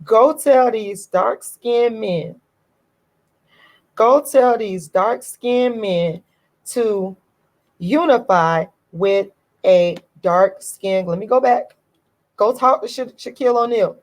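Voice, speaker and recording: A woman's voice: fairly high pitch, slow pace, darkish tone, rough recording. Indignant woman ranting to her viewers. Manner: emphatic, repeats phrases, talks straight to her viewers. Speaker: vlogger. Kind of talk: ranting video commentary.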